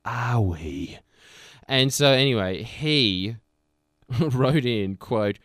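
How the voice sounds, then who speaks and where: A man's voice: medium pitch, very slow, no echo. A man co-hosting a drive-time radio show in a studio, bantering playfully and slipping into silly announcer voices. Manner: jokey, animated, does silly announcer voices.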